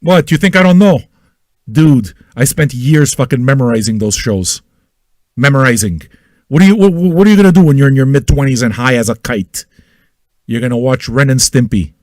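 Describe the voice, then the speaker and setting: A man hosting an independent online radio show, ranting crudely and loudly at his listeners and repeating himself as he goes. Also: mid-range voice, expressive, a little fast, dry recording, clean studio sound. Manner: loud, manic and crude, with yelling and repetition; talks straight at listeners with repeated questions. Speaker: internet radio host. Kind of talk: profane ranting monologue.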